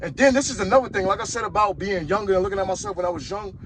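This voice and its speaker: A man from Harlem, New York, with a high voice races through a blunt, mocking podcast rant over a noisy background. His heated street talk delivers ranting commentary as host.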